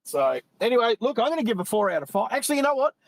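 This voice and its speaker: A middle-aged Australian man with a fairly high voice talks casually to his viewers from a parked car. He rambles, breaks off mid-thought and comes back to it. The sound is close and dry, with no room echo. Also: very animated, racing. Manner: chatty, rambling, self-interrupting. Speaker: live-stream driving host. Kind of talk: casual live-stream chat. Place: parked car on an outback roadside.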